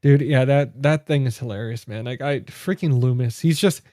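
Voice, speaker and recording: A man co-hosting a casual movie chat, relaxed and saying dude and like a lot. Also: medium pitch, moderate pace, no room sound, studio quality. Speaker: podcast co-host.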